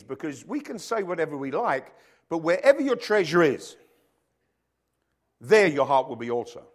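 A middle-aged male pastor preaching a sermon, reading scripture and telling jokey stories with loud acted quotes. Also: fairly high pitch. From rugby-playing country, emigrated to Africa.

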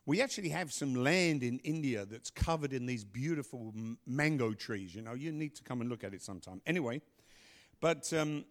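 A middle-aged man telling a story and giving announcements at a church service, animated, with loud bursts. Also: mid-range voice, moderate pace. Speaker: pastor.

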